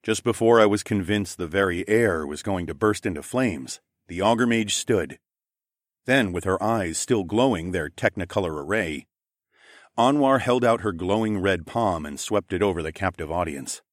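Expressive man narrating an audiobook. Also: low-pitched, moderate pace, dry recording, clean studio sound. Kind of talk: scripted first-person narration.

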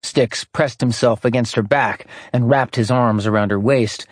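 A man's voice: mid-range voice, a little slow, no echo, clean studio sound. A man narrating fiction in a scripted audiobook reading, switching between character voices. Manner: lively, character-voicing narration.

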